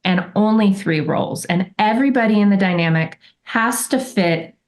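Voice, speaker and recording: A woman's voice: medium pitch, normal speed. A woman guest on a podcast, telling a personal story in a candid, reflective way and acting out remembered remarks.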